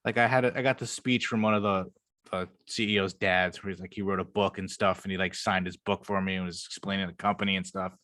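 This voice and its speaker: A young man with a fairly low voice talks through a casual podcast chat, rambling loosely and dropping plenty of swear words. The sound is dry and close, with no room echo. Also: fairly even intonation, fast talker, bright, forceful tone. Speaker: podcast co-host.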